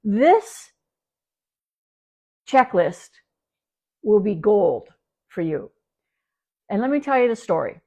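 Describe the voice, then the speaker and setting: A woman's voice: medium pitch, big pitch swings, slow pace, pauses often, warm tone, slightly rough, dull audio. Woman, dog trainer, casual live chat, rambling, restarts often, at home. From Canada. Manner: rambling, chatty, with frequent restarts and fillers. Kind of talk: casual livestream talk. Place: at home with her dog nearby.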